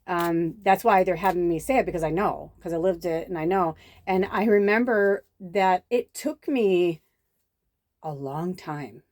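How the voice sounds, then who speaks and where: Measured and darkish, with a fairly low pitch, this woman is a tarot reader and medium from the south Chicago suburbs. Her chatty card reading drifts easily and breaks into whispers. There's no room sound at all.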